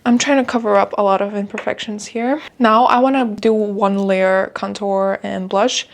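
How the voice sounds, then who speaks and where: A woman's voice: mid-range voice, fairly even intonation, normal speed, gravelly. A young woman chatting casually through a makeup tutorial, talkative and heartfelt with lots of filler words. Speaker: beauty vlogger.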